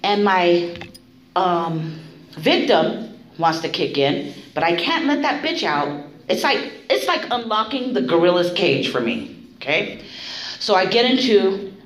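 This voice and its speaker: A woman's voice: on the low side, unhurried, pauses often. Blunt woman sharing at a meeting. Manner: blunt, profane, animated storytelling. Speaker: recovery meeting speaker. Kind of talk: candid spoken testimony. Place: meeting room. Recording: echoey room, faint noise.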